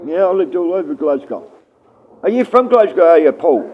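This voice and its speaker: A man's voice: on the high side, animated, moderate pace, narrow, tinny audio, a little hiss or hum. A middle-aged man livestreaming, rambling and swearing casually as he answers his viewers.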